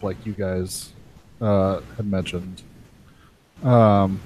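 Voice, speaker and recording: A man's voice: on the low side, dark tone, slight background noise. A man speculating in a casual podcast chat, often restarting his sentences. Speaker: podcast co-host.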